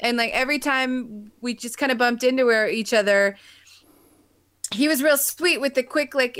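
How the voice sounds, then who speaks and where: A woman co-hosting a podcast, chatting in a gushing, animated way. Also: fairly high pitch, dry recording. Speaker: podcast co-host. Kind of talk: casual chat.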